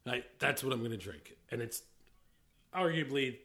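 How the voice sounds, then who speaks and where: Middle-aged man, average pitch, loose rambling talker who cuts himself off and laughs a lot; casual podcast co-host. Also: lively intonation, moderate pace, sharp tone. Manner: rambling, self-interrupting, laughs easily. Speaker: podcast co-host, whiskey industry veteran. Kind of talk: casual chat.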